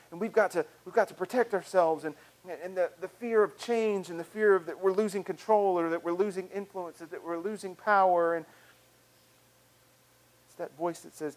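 A man's voice: high-pitched, moderate pace, low-quality recording. A male pastor preaching a sermon in a reflective manner, with frequent restarts and repeated phrases.

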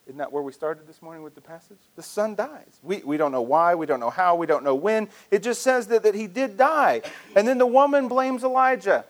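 A man's voice: sits high, animated, fairly quick, few pauses. A male pastor preaching a sermon in a conversational, storytelling way with frequent restarts.

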